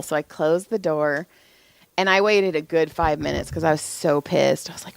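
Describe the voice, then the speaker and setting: A woman's voice: fairly low pitch, brisk, creaky, smooth, dry recording. A woman co-hosting a podcast, casually telling stories with profanity and acting out the voices of people she quotes. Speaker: podcast co-host; massage therapist. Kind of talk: casual storytelling chat.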